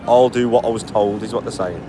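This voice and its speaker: A man's voice: lowish voice, steady tone, a little fast. A tired man on a long walk, reading live chat aloud and firing back blunt, mocking retorts. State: tired from walking. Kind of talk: casual live-stream chat. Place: outdoors by a street on a walk. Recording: faint street noise behind.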